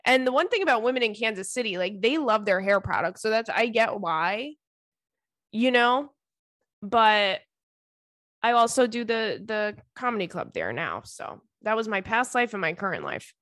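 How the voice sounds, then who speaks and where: A woman's voice: on the high side, sing-song, normal speed, fairly bright tone, no echo, clean studio sound. A woman podcast host and comedian giving casual advice, chatty and blunt, swearing freely and laughing often.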